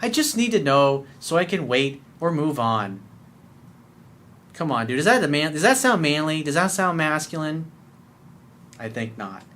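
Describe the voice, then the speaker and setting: A man in the role of a dating coach reads listener emails and answers them in a blunt, profane way. His voice sits a little high, and he slips into whiny pleading voices to mock the writers. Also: sing-song, moderate pace, pauses often, a bit bright.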